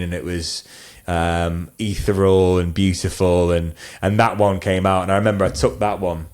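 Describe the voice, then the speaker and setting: A man with a very deep voice talks casually as a podcast guest. He rambles, circling back with fillers and restarts. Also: darkish tone. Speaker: wedding photographer guest.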